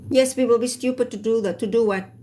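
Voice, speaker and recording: South African woman host, brisk and scolding, live-chat streamer. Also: on the high side, fairly even intonation, dark tone, slight background noise. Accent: South African (Cape Town). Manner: firm, scolding, mixes Afrikaans phrases. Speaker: livestream host.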